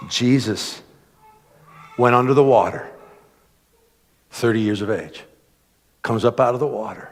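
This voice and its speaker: A man preaching a sermon, telling a story with lively asides, many filler words and acted-out voices. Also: on the low side, measured pace, pauses often. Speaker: pastor. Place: church hall. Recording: long hall reverb.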